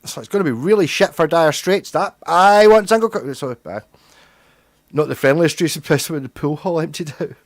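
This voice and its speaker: This middle-aged livestream host talks briskly in a voice on the high side, captured as a dry, clean studio recording. He rambles through loose chat with his viewers and swears freely.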